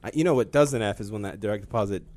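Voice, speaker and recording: A man's voice: fairly low pitch, racing, darkish tone, no room sound. A man chatting casually on a podcast, rambling and often trailing off, laughing a lot. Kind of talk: casual chat.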